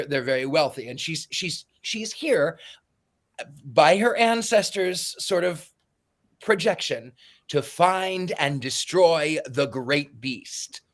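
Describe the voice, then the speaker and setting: A man's voice: on the high side, fairly bright tone. A man hosting a podcast, casually recapping a story's plot in a rambling way, stumbling and repeating words as he goes. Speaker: podcast host.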